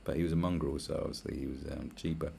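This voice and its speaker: Man, extremely low voice, gravelly fry, crude sarcastic rambling podcast rant. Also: fairly even intonation, very fast, warm tone, slight background noise. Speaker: podcast host. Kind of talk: profane solo rant.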